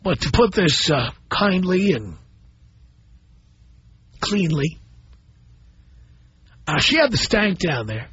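A middle-aged man hosting a call-in radio show, blunt and animated as he tells stories to his listeners. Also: high-pitched, slow, pauses often, breathy edge. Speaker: radio talk show host. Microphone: studio microphone. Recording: dull broadcast audio.

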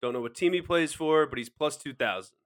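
A man's voice: on the high side, fairly quick, fairly bright tone. A man co-hosting a sports betting podcast, joking around and reading out his picks and odds. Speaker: podcast co-host. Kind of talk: casual sports betting chat.

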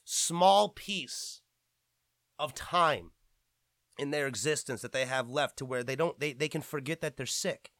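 A man's voice: medium pitch, measured pace, a bit bright, no echo. A man hosting a gaming podcast, ranting with lots of swearing and fired-up outbursts. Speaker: podcast host.

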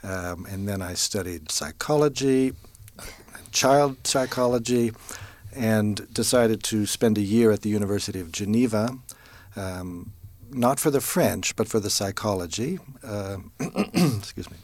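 American man, 50s, low voice, unhurried interview guest, dry close sound. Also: darkish tone, dry recording. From United States. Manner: measured, thoughtful, with frequent filler pauses. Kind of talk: relaxed storytelling in an interview.

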